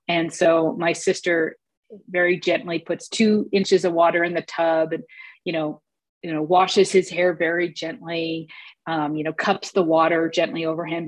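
At a recovery meeting, a woman shares her personal story in a fairly low, steady voice at a moderate pace. She sounds hesitant, with many fillers and restarts, and the recording is dry.

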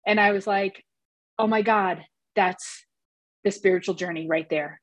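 A woman's voice: medium pitch, unhurried, no room sound. A woman sharing her story at a recovery meeting, hesitant, with many fillers and restarts. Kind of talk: personal share at a recovery meeting.

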